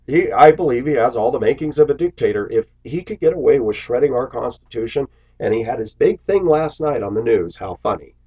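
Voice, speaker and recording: A man's voice: medium pitch, darkish tone, muffled recording. A man vlogging to his viewers in a bitter, sarcastic, preachy rant. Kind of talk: ranting to camera.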